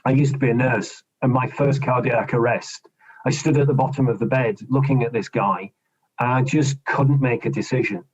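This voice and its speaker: A man's voice: mid-range voice, steady tone, normal speed, breathy edge. A man, a trade union official, explaining negotiation tactics in a podcast interview, often repeating words and restarting. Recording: dull lo-fi recording.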